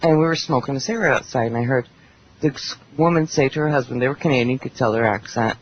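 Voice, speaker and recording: A woman's voice: very deep voice, quick pace. Blunt talkative woman on dull radio. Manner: blunt, talkative, quotes people in animated voices. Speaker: panelist. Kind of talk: casual roundtable chat. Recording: dull internet radio with faint hiss.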